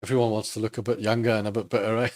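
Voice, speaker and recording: A man's voice: on the low side, little pitch movement, rapid-fire, darkish tone. A man hosting a live trading stream, casually thinking aloud over charts and chatting with viewers. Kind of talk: live market commentary.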